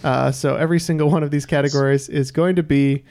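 A man hosting a casual podcast trivia game, reading questions slowly with frequent "uh" fillers. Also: a little high, fairly even intonation, a little mellow. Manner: reads questions slowly and deliberately, with many "uh" fillers. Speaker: quiz host.

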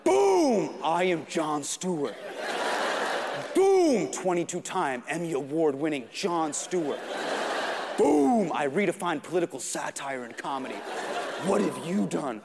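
A man doing an impression of a famous male TV host who booms out his own accomplishments in a self-important voice. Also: normal speed, natural voice. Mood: boastful. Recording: live stand-up with crowd noise.

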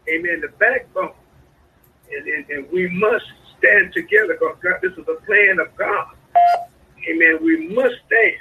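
Husky preacher guy, voice jumps way up high, tinny radio sound. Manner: call-and-response preaching with sudden high swoops. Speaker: pastor. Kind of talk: sermon.

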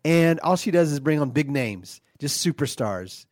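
A man's voice: on the high side, animated, normal speed, darkish tone, no echo, studio quality, natural voice. A man playing a petty, aggrieved devil host. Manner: aggrieved, flustered, full of false starts. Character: petty, indignant devil hosting a podcast from hell. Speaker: podcast host.

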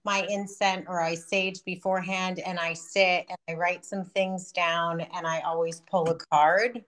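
A woman hosts a spiritual podcast over a remote call. She talks in a bubbly, effusive way and laughs often. Her voice sits fairly low for a woman. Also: flat delivery, measured pace, a bit bright. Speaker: podcast host. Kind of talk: casual spiritual podcast chat.

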